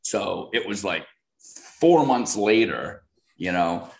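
Deep-voiced rambling man, roomy echo. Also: lively intonation, takes it slowly, gravelly. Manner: rambling, many fillers and restarts. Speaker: guest product expert. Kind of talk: casual interview chat.

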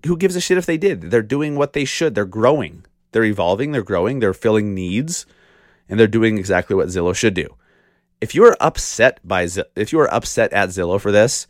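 Podcast host, male, low deep voice, blunt rant with rhetorical questions, dry close mic. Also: dry recording. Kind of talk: casual solo podcast monologue.

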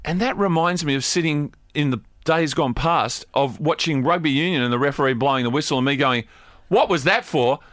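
A man's voice: on the high side, brisk, few pauses, fairly bright tone, dry recording, clean studio sound. A man co-hosting a podcast in casual chat, telling stories with wry exasperation. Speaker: podcast co-host.

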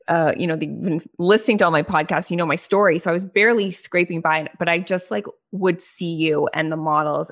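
A woman hosting a podcast, chatting with a guest in an enthusiastic, talkative way. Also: mid-range voice. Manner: enthusiastic, chatty, laughs often. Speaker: podcast host. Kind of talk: casual interview chat.

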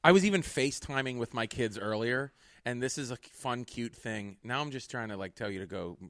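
Middle-aged male host, mid pitch, rambling and chatty, dry close sound. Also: a little fast, fairly bright tone, no echo. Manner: rambling, full of "like" and restarts. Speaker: podcast host and comedian. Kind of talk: casual chat.

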